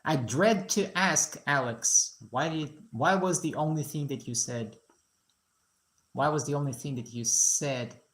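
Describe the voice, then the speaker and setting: A woman's voice: sits low, measured pace. A woman from Moscow with no foreign accent, chatting and joking with viewers during a casual live stream from her garage. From Russia (Moscow). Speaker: live-stream host, musician and painter.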